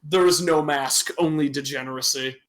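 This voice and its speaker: A man's voice: a little high, a bit bright. A young man from Michigan, casually chatting on a podcast stream, joking and laughing at himself. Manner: laughing, self-mocking, profane. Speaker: podcast co-host. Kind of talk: casual chat. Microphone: desktop microphone on a stream.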